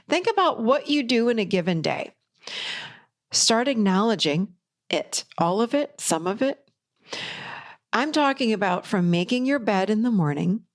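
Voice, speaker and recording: A middle-aged woman, a podcast host and life coach, giving an upbeat, encouraging motivational talk with emphatic delivery. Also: fairly high pitch.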